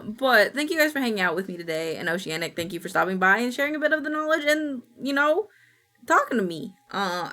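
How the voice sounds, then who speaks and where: A woman's voice: fairly high pitch, bright, forceful tone. A woman streamer chatting casually with her viewers, telling rambling stories and swearing casually. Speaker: Twitch streamer.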